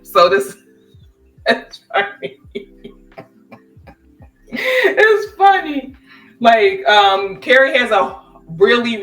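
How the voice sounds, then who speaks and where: A woman chats casually and tells stories with animated energy. Her voice is bright and sharp. She is recorded away from the mic in an echoey room, with faint music in the background. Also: mid-range voice, far from the mic. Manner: animated, laughing storytelling. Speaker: podcast co-host. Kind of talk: casual chat.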